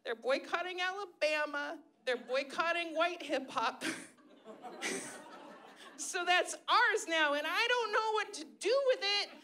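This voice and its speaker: Woman stand-up comic, high bright voice, sarcastic and profane, live stage mic. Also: unhurried. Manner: sarcastic, profane, shrill put-on voices for quoted people. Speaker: stand-up comedian. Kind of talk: stand-up comedy set. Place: live comedy stage before an audience.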